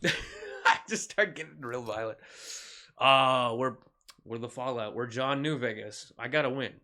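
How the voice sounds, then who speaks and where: Guy streaming fortnite, bright voice, jokes and swears a lot, laughs constantly, yelps when stuff happens. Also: medium pitch, a little slow. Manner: joking, swears freely, laughs often; excitable yelps when playing. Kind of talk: casual gaming commentary.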